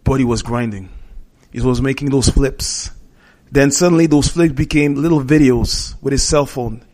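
A man's voice: mid-range voice, moderate pace, darkish tone. A middle-aged man telling a heartfelt personal story as a guest in a conversation, talking earnestly and often restarting and correcting himself.

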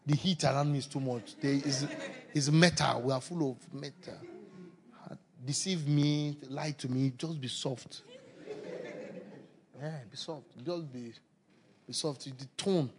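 A man preaching a sermon, animated and repetitive, often breaking into laughter. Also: on the high side, slight background noise. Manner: animated, laughing, repeats phrases.

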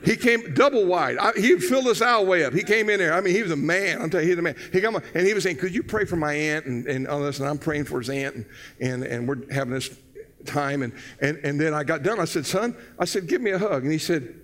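A older man preaching a sermon, telling stories with energy that swings from loud to hushed. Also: fairly high pitch, fast talker. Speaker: pastor. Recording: long hall reverb.

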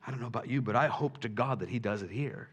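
A man preaching a sermon, animated, swinging from quiet asides to shouts and acting out quoted voices. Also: medium pitch, fast talker. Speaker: pastor.

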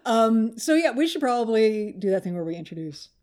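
A woman's voice: fairly high pitch, big pitch swings, a little fast, darkish tone. A woman hosting a podcast, casual and playful, often laughing at herself. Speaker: podcast host and storyteller. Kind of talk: casual podcast chat and narration.

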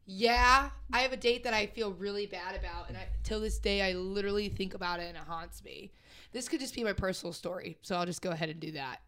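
A woman's voice: mid-range voice, fast talker, a bit bright. A young woman co-hosting a comedy podcast, chatting casually, laughing often and telling stories with animation. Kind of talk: casual chat.

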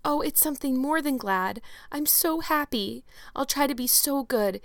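A woman's voice: fairly high pitch, animated, a little fast, dry recording, clean studio sound, natural voice. A woman voicing an eager, talkative orphan girl of about eleven who speaks in an imploring, dreamy way.

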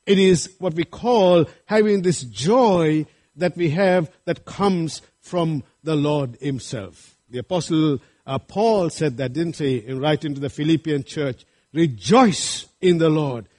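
A man's voice: on the high side, measured pace, few pauses, dark tone. A man preaching a sermon, earnest and rising to fervent appeals to his congregation. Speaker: pastor.

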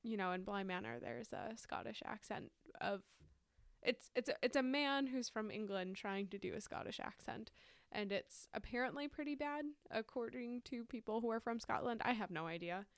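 A woman's voice: on the high side, moderate pace, smooth, no echo, studio quality. A woman co-hosting a podcast in casual chat, easygoing and chatty, with amused reactions. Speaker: podcast co-host.

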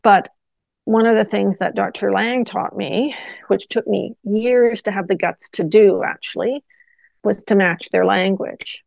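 A middle-aged woman physiotherapist, a guest telling animated stories from her clinical work in a casual interview. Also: medium pitch, a little slow, creaky, dry recording, dull audio. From Canada. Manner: animated anecdotes with quoted dialogue.

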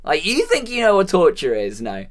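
A woman's voice: fairly low pitch, moderate pace. A woman co-hosting a casual chat about a film, reading out trivia and laughing often. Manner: animated, reads out trivia, laughs a lot. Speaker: podcast co-host.

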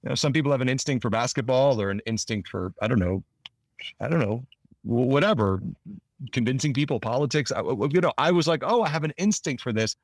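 A man's voice: medium pitch, brisk, no room sound. Rambling man telling stories, dry sound. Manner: rambling storyteller with frequent restarts; acts out quoted lines in lively voices. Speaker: actor guest. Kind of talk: casual interview talk.

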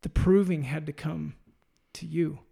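A man hosting a faith-focused conversation, his voice a touch high and noticeably gravelly. He talks earnestly and from the heart, often stopping and restarting his sentences as he feels his way through a thought. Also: fairly even intonation, unhurried, mellow. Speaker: podcast host. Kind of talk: faith-based interview conversation.

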